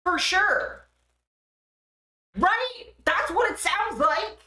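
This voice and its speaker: Bright, lively woman streamer in echoey room. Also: extremely high pitch, drawn-out words, pauses often. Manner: laughing, self-mocking, swears freely. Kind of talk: casual live-stream chat.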